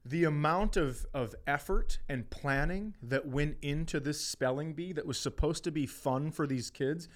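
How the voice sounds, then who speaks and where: A man's voice: on the high side, measured pace, few pauses. A middle-aged man on a podcast, telling a story with plenty of swearing and acted-out quotes. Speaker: podcast co-host. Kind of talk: casual storytelling chat.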